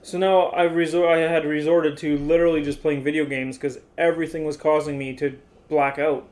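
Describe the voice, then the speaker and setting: Young man, high voice, animated exasperated storyteller, casual vlog chat. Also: fairly quick. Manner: animated, exasperated retelling with many "like"s. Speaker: vlogger telling his story.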